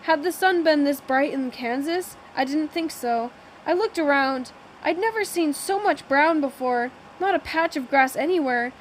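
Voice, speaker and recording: A woman's voice: high voice, slight background noise, low-quality recording. A woman reading a first-person novel aloud, often stumbling and restarting words. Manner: plain reading with frequent slips and restarts. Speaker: audiobook narrator.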